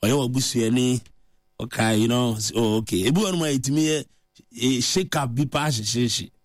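A Ghanaian-accented man preaching in a relaxed, talky way, his voice sitting at a medium pitch and often jumping higher for emphasis. The recording is dry and close, with no room echo. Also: fairly quick. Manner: animated, mixing languages, rising to high emphatic pitch. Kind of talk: conversational preaching.

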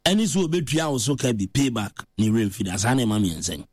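A man with a Ghanaian accent preaching in a conversational way, mixing languages and rising to high, emphatic pitch. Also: sing-song, fast talker, no room sound, clean studio sound.

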